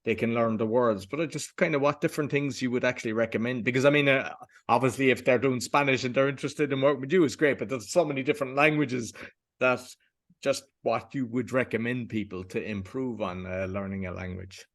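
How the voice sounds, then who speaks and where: A man's voice: mid-range voice, fairly quick. A man hosting a podcast interview, from Ireland, asking loose, rambling questions. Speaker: podcast host. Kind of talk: casual interview chat.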